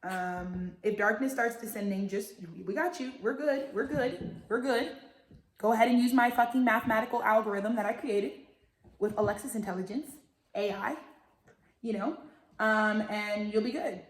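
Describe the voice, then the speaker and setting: A woman's voice: mid-range voice, normal speed, reverberant. A young woman from Texas, chatting casually and profanely while giving a tarot reading. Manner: chatty and profane, lots of fillers, scolding a dog. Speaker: tarot reader and show host.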